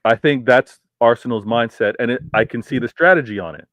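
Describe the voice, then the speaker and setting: A man's voice: medium pitch, brisk, fairly bright tone, dry recording. A man co-hosting a football talk stream, arguing his point emphatically and often repeating himself and stammering. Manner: emphatic, repeats words, stutters. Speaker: co-host of a football talk show. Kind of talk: casual debate on a livestream.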